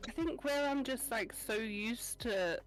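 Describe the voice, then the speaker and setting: A British woman chatting as a guest, talkative and exasperated, with quick asides. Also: a little high, faint music behind. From Britain. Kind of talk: casual chat.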